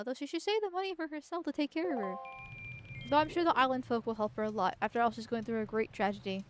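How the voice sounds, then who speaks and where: High-voiced woman ranting while gaming. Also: fast, slight background noise. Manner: crude, rambling, swears a lot. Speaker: streamer. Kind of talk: gameplay commentary.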